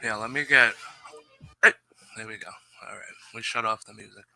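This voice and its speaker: A man's voice: on the low side, moderate pace, gravelly, sharp tone, no room sound, soft background music. A man hosting a live stream, joking and self-mocking and saying he is nervous. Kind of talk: casual live show chat.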